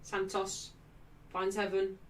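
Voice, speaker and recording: A young woman hosting a live football watchalong, excitably reacting to play and reading out viewers' chat messages. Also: mid-range voice, slow, distant mic, a little hiss or hum.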